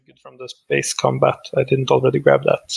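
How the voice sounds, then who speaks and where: A man's voice: medium pitch, completely flat delivery, moderate pace, creaky, slightly rough. A man playing a board game, making terse, offhand remarks in casual table talk.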